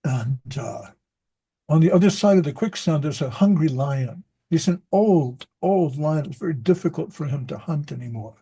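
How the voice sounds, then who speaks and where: Animated and moderately paced, this slightly high male voice has a dark tone and a breathy edge. The speaker, a reading teacher, meanders through a casual group discussion, breaking off and restarting his sentences as he tells stories.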